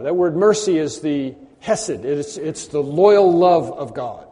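A man preaching a conversational sermon, often clearing his throat and repeating words. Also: a little high, expressive, a little slow, hardly any pauses, warm tone. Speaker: pastor. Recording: long hall reverb.

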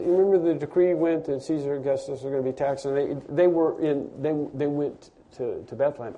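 Emphatic preaching man, mellow voice. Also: fairly high pitch. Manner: emphatic preaching with repeated phrases, rising to loud stresses. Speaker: pastor. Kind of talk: sermon.

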